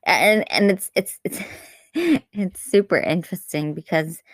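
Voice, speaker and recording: A woman co-hosting a podcast, chatting casually about a film, animated and laughing often, with frequent restarts. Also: on the low side, a little slow, no echo, clean studio sound. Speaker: podcast co-host. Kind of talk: casual film review chat.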